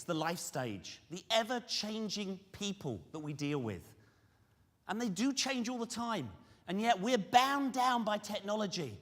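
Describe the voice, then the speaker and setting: A man giving a lively conference presentation, questioning the audience directly. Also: high voice. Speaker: conference speaker on fundraising. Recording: reverberant hall.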